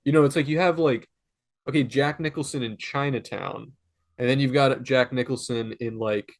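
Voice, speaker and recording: A man's voice: mid-range voice, fairly even intonation, moderate pace. A young man co-hosting a podcast in casual chat, rambling with lots of fillers and breaking into helpless laughter. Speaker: podcast co-host.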